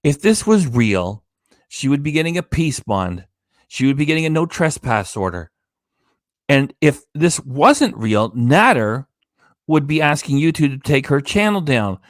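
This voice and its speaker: A man's voice: a little high, very animated, a little slow, no room sound, studio quality. A tired man hosting a reaction channel, ranting with indignant sarcasm about a live stream. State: tired, low energy. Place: home studio with green screen.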